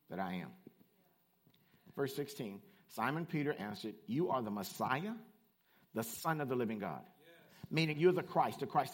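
A man preaching a lively sermon, swinging between loud, emphatic lines and quieter explanations. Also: slightly rough. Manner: animated, swings from shouting to low asides.

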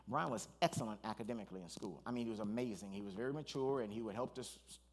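Fast-talking man preaching a sermon. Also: lowish voice. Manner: animated storytelling, many restarts and asides. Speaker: pastor.

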